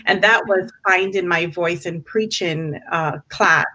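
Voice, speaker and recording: Slow, earnest woman on a panel. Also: fairly low pitch, pushed and bright, low-quality recording. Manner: earnest, measured, with frequent restarts; faith-inflected. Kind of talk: reflective panel talk.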